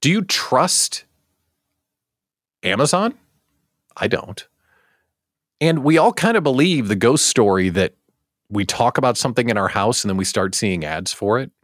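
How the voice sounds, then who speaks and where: A male livestream host talks in an animated, joking way, with his pitch swinging widely. He keeps asking his audience rhetorical questions, and the dry recording puts him right up close. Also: unhurried, long pauses, no echo. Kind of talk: livestream talk show.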